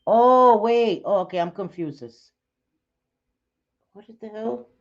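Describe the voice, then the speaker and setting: A woman's voice: medium pitch, takes it slowly, lo-fi sound. Blunt, profane woman livestream host. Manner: blunt, profane, excitable, laughs often. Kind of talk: casual livestream chat.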